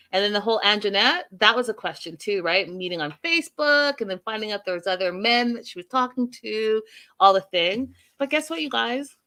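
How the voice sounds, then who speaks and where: Woman host, casual recap chat, bright tone, talks straight to her audience. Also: mid-range voice. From Canada. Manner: chatty, addresses viewers directly.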